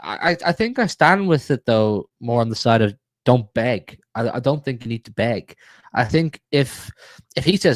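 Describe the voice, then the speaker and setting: A man's voice: mid-range voice, expressive, no room sound. Guy on a football podcast, mid voice, dry close sound, weighs both sides and stumbles over words a bit. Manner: measured, hedging, repeats words as he thinks. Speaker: podcast co-host. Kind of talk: casual football chat.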